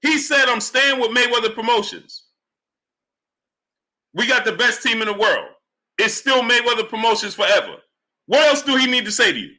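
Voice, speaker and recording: A man hosts a live sports stream in a high, very bright voice. He pushes exasperated rhetorical questions at his viewers and repeats his point, then drops into a low mutter to greet people in the chat. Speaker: sports livestream host.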